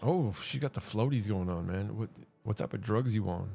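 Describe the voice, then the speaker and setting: Low gravelly-voiced man rambling casually. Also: moderate pace, warm tone, faint music behind. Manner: hesitant, many restarts and fillers. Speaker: gaming streamer. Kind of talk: casual rambling chat while gaming.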